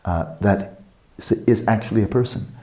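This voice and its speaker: Older male dharma teacher, mellow tone, roomy reverb, casual teaching. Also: fairly low pitch, normal speed. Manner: conversational, playful asides with acted quotes. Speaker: meditation teacher. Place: retreat teaching hall.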